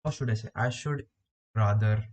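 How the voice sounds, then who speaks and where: A man's voice: lowish voice, moderate pace, darkish tone. A man on a live stream who repeats phrases from an English lesson aloud and adds chatty asides.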